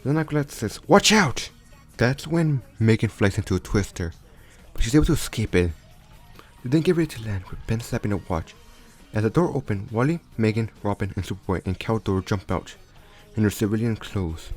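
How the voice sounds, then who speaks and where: A man's voice: lowish voice, expressive, a little fast, darkish tone. A man casually improvising a story aloud, often stumbling and restarting his sentences. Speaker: storyteller retelling a fan crossover story. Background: faint background music.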